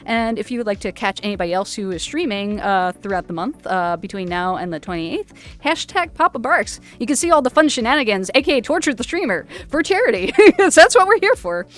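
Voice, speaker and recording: A woman's voice: fairly high pitch, very animated, brisk. A woman hosting a charity livestream from home in a VR chat, talking casually and laughing often. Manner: giggly and chatty, laughs often. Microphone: VR headset mic.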